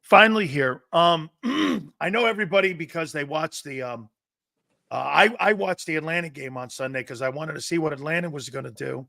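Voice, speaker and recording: A man hosts a sports talk show, pressing his guest with pointed questions and quoting numbers. His voice is high and bright, and it sounds close and dry, with no room echo. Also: brisk, vocal fry. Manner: asks pointed questions, cites stats. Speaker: show host.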